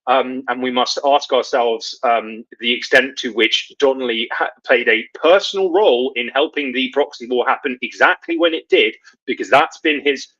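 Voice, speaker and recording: A man's voice: medium pitch, moderate pace, a bit bright, dull audio. A man hosting a live political commentary show, talking in a sardonic, rambling way with lots of fillers and restarts.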